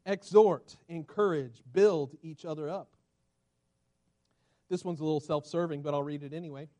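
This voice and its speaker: Male pastor, high-pitched, preaching in church, loud then hushed. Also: normal speed. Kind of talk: sermon.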